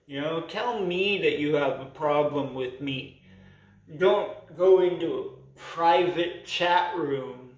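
A man's voice: a little high, creaky, lo-fi sound. Slightly slurred guy with no teeth, defiant vlog rant, roomy echo, mic kinda far off. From Canada. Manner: indignant, defiant, repeats "you know" and "right". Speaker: vlogger. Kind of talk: casual vlog rant to camera.

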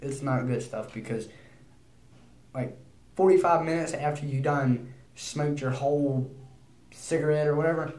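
A teenage boy vlogging in a casual, rambling way, nervous and prone to quick bursts of speech. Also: fairly high pitch, darkish tone, echoey room. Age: teens. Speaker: YouTuber.

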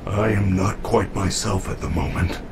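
An actor playing a calm, cheerful animatronic robot bear in a game, speaking with formal, precise diction over music. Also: male voice, deep voice, normal speed, noisy background. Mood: calm, polite. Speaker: game character. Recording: game audio with music behind.

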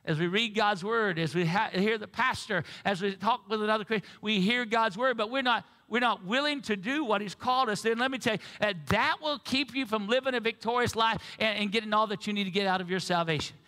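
A man's voice: high-pitched, fairly quick, few pauses, pushed and bright. A male pastor preaching a sermon and getting the congregation to repeat phrases back. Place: church sanctuary. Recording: reverberant church sanctuary.

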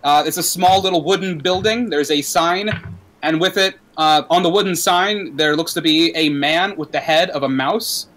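Faint music plays behind a man whose voice is slightly high and fairly bright, at normal speed. He narrates a tabletop game as game master, rambling loosely through scene descriptions.

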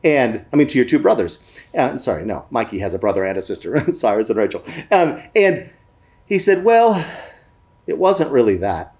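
A man telling a family story in a warm, lively storytelling manner for a family worship program. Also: medium pitch, a little fast.

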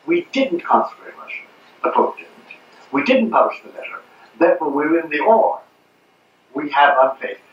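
A man's voice: fairly high pitch, animated, moderate pace. An older man lectures an audience with emphatic, repeated phrases and pointed rhetorical questions. He stands far from the microphone in a roomy hall, and the old recording sounds muffled with a faint background hiss. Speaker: speaker at a public talk. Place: hall at a 1992 public talk.

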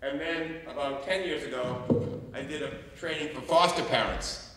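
A man giving a humorous storytelling talk as a youth care trainer, animated and jokey. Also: on the high side, moderate pace. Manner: animated, jokey, breaks into singing. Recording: echoey hall, mic from far off.

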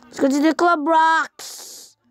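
Excitable high-voiced woman gaming. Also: slow, creaky, dry recording. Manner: excitable, swears a lot, reacts loudly to the game. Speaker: gaming vlogger. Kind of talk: casual let's-play commentary.

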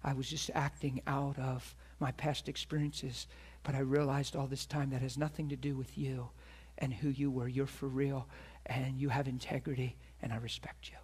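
A man's voice: mid-range voice, flat delivery, normal speed, few pauses, darkish tone, slightly rough. A middle-aged man preaching a sermon as a pastor, telling a personal story earnestly and acting out the voices of the people in it.

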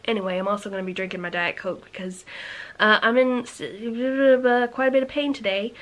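A woman chats to her camera in a quick, energetic vlog style, tossing out playful rhetorical questions. Her voice sits in a middle register, and now and then she slips into soft, half-whispered asides. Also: mid-range voice, poor audio. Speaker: book vlogger. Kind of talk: casual vlog chat to camera.

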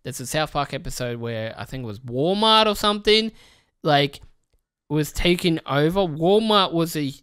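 A man talks in a loose, profane, rambling rant, often starting a sentence over before finishing it. His voice is bright and sharp-edged, with a crisp, smooth clarity. It sounds close and dry, with no room echo. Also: fairly high pitch, animated, normal speed. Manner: rambling and profane, with frequent restarts; mocks others with put-on quoted voices. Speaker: gaming channel host. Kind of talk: casual rant to camera.

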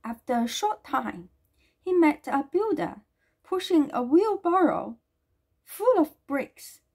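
A woman reading a children's storybook aloud in a gentle way, with small slips and restarts. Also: high voice, very animated, slow pace.

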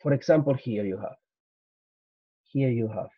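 This is a slow-ish, slide-based grammar lesson from a male English teacher who repeats every point and explains in Spanish when needed. His mid-range voice is slightly rough and broken by long pauses. The recording is dry, dull and lo-fi.

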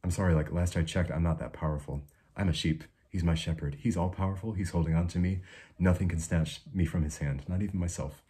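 A young man giving an informal devotional talk, soft-spoken and unhurried, with many fillers and restarts. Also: sits low, steady tone, breathy edge. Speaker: preacher.

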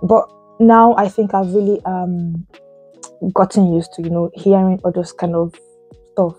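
A young woman with a Nigerian accent vlogs in a casual, exasperated storytelling way, throwing out rhetorical questions. Her voice is mellow and slightly husky. Soft music plays faintly behind her. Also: lowish voice, steady tone, a little slow, muffled recording. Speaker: vlogger. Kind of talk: casual chat to camera.

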